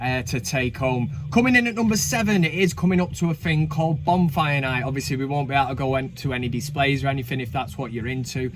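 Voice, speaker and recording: A man's voice: mid-range voice, fast, few pauses. A man hosting a casual comedic countdown, chatting cheekily with frequent swearing and asides. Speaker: host.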